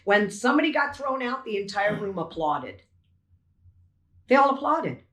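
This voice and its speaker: A woman's voice: a little high, sing-song, normal speed, a bit bright. An older woman giving an emphatic, indignant first-hand witness statement as a poll challenger, retelling events as dialogue. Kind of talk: emotional first-hand testimony. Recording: echoey room.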